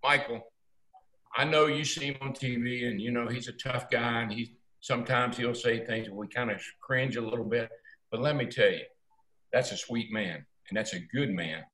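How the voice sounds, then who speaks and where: Older male storyteller, folksy and animated, echoey room. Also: medium pitch, normal speed. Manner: folksy, animated, acts out quotes. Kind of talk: casual storytelling.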